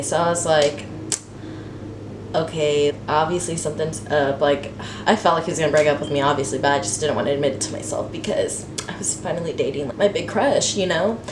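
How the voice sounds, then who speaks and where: Young woman vlogger, lively storytime delivery, lowish voice, echoey room. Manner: animated, dramatic storytelling with constant fillers. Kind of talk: storytime vlog. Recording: roomy echo with faint hiss.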